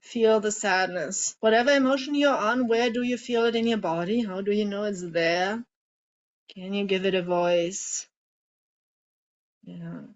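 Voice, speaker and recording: A woman coaching a group through emotional tapping, guiding gently and voicing example feelings aloud. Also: medium pitch. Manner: slow, soothing guidance with emotive example lines. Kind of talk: guided group coaching session. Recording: slightly dull lo-fi call audio.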